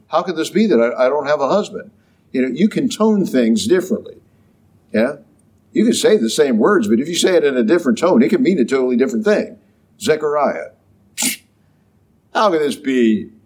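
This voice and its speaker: A man delivers a sermon in a loose, conversational way, checking in with his listeners as he goes. His voice is a little husky, and his pitch rises and falls a lot. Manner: conversational, acts out quoted voices, frequent "okay?" and "yeah?". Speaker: preacher.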